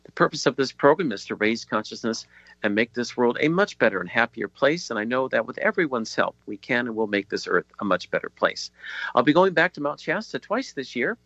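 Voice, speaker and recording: Male talk-radio host, mid pitch, halting and rambling, dry slightly muffled broadcast sound. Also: very animated, fairly bright tone, no room sound. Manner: rambling, halting, many ums and restarts. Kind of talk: radio talk show hosting. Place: radio studio.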